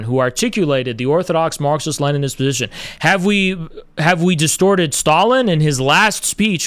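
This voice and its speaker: A man's voice: fairly high pitch, a bit bright, clear, resonant tone, no room sound. Man, taunting livestream monologue, rhetorical questions, dry close sound. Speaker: party chairman streaming on social media.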